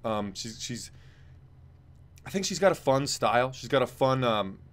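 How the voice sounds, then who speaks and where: A man's voice: mid-range voice, expressive, moderate pace. A man co-hosting a fight preview show in casual chat, rambling and blunt, and he swears freely. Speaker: co-host rating fights.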